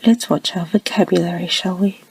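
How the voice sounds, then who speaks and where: A woman voicing a small, calm male robot guardian in a whispered role-play, speaking in a purring, teasing way. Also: lowish voice, a little fast, vocal fry, slightly rough, no room sound, recorded from a distance, full character voice, low-quality recording.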